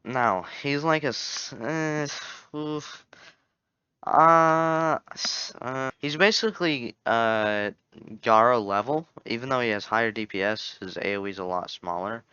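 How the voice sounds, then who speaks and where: A young man, a gaming YouTuber, gives casual, rambling commentary on a game tier list, often correcting himself and joking. His medium-pitched voice is bright, forceful and smooth at a slightly slow pace. There's no echo, but the dull lo-fi home mic colors the sound.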